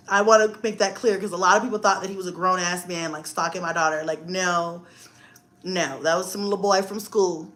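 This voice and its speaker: A woman in her forties on a livestream, telling stories in a lively way, swearing freely and talking straight to her viewers. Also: mid-range voice. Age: 40s. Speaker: livestream host. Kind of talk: casual livestream chat.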